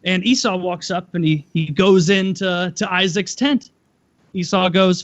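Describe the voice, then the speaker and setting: A man's voice: high-pitched, fairly even intonation, unhurried, dull audio. A man on a podcast, retelling a story casually with crude jokes. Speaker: podcast co-host.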